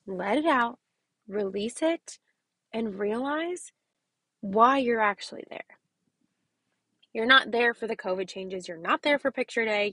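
A woman's voice: a little high, animated, measured pace, long pauses, pushed and bright, no room sound. A woman who teaches kindergarten, hosting a casual motivational podcast and speaking emphatically, often checking in with "okay?" and dropping to a whisper to stress a point. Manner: emphatic, repeats "okay?" to the listener; drops to a whisper for key points.

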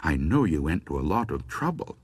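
A man's voice: a bass voice, big pitch swings, fairly quick, breathy edge, no echo, pitched below the performer's own voice, exaggerated voice. Man voicing a polite, grateful widow.

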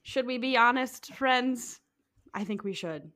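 A woman's voice: on the high side, measured pace, a bit bright. A woman co-hosting a podcast late at night, teasing her friends in a playful, casual way. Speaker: podcast co-host. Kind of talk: casual chat.

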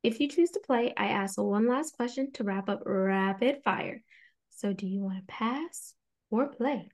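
A woman's voice: medium pitch, a little slow. A woman hosting a podcast interview, with an upbeat, playful quiz-show delivery. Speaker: podcast host.

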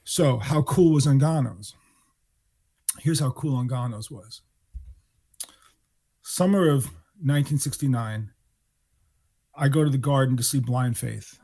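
A man in his sixties from New York, a guest musician telling animated stories and acting out the people he quotes. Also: mid-range voice, a little slow, gravelly, long pauses, slightly rough. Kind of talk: storytelling interview.

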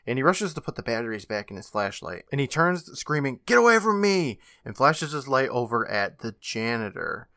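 Male podcast co-host, bright forceful tone, dry close mic, chatty recap with frequent laughs. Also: fairly low pitch, no room sound. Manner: laughs often, narrates plot in long run-on lines. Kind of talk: casual chat recapping a TV episode.

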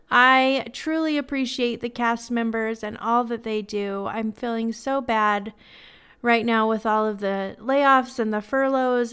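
This is a woman in her thirties hosting a casual podcast. Her voice sits a little high and comes across clear and smooth. She talks in a chatty, sentimental way, with scattered ums and small laughs. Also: fairly bright tone. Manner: emotional, tearful at times, sentimental. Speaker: podcast host.

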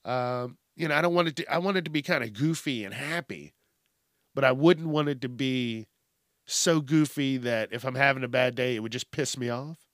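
A man hosting a podcast delivers a casual comedic rant that's rambling, profane and self-mocking. His voice is medium-pitched and fairly bright at a normal speed, recorded at studio quality with no echo.

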